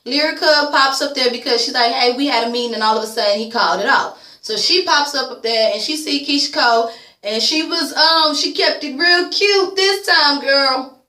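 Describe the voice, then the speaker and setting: A woman's voice: high-pitched, moderate pace, pushed and bright, roomy sound. A woman vlogger giving a casual recap, blunt and sassy, swearing freely and calling people "girl". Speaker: YouTube vlogger reviewing a reality show.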